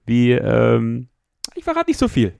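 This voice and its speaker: A man's voice: mid-range voice, huge pitch swings, unhurried, gravelly, darkish tone, smooth, no echo, clean studio sound. A man, hosting a podcast with upbeat, teasing announcements and questions. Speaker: podcast host. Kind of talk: podcast presenting and interviewing.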